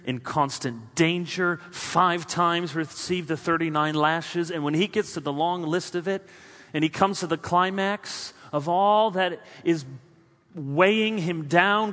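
Slow, emphatic preacher in a reverberant hall. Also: male voice, a little high. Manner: emphatic, builds in lists then drops quiet. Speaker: pastor. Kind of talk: sermon.

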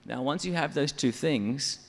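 A man who composes church songs gives an interview in a large hall, his mid-range voice keeping a measured pace. He breaks down his method step by step, methodically explaining and counting syllables out loud.

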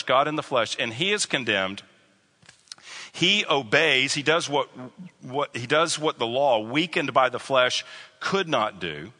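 A man preaching a sermon, emphatic, repeating key phrases and slowing down on stressed lines. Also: medium pitch, bright, forceful tone, in a large hall.

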